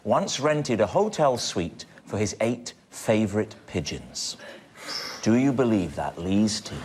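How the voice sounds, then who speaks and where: Lively male quiz show host. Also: fairly low pitch, slow pace. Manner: playful, lively delivery. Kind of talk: hosting a comedy panel show. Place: TV studio with a live audience. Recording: loud studio audience and room noise.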